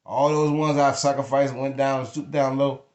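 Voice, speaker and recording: A man's voice: medium pitch, level tone, normal speed, darkish tone, highs cut off. A man speaking to camera in an emotional venting monologue, blunt and emphatic, cursing freely. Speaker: vlogger. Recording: echoey room.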